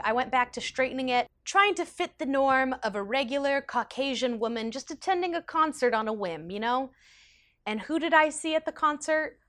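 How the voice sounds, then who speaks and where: A young woman casually telling a personal story, animated and chatty, with lots of "like" fillers. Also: fairly high pitch. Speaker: vlogger.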